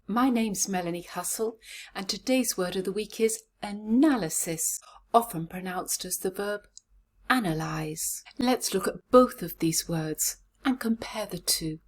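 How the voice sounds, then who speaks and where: Slow, breathy woman pronunciation coach. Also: medium pitch. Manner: spells out sounds and syllables deliberately. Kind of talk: slow instructional pronunciation lesson.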